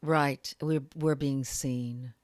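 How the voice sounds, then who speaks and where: A woman's voice: very deep voice, steady tone, very slow, no room sound. A middle-aged woman co-hosting a casual live chat, telling anecdotes with lots of laughter and acting out the other people in her stories. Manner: warm storyteller who laughs easily and acts out voices in her anecdotes. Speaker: co-host.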